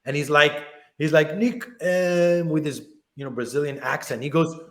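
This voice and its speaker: In a reverberant recording, this man speaks at normal speed with few pauses and a fairly high pitch. He's a self-defense instructor sharing interview stories, playing out club encounters in lively quoted dialogue.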